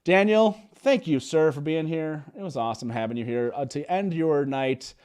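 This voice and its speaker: A man's voice: a little high, normal speed, a little mellow, smooth. A young man hosting a live stream, chatting casually with lots of fillers and frequent laughter. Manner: upbeat, laughs often, many fillers. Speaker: podcast host.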